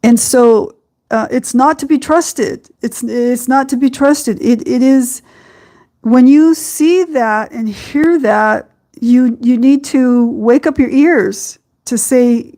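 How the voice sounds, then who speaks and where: A woman hosts a podcast with a reflective spiritual talk. Her voice sits a little high, and she speaks very slowly. She keeps pausing with ums and you-knows as she gathers her thoughts. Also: dark tone. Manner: slow, halting, many ums and you-knows. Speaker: podcast host.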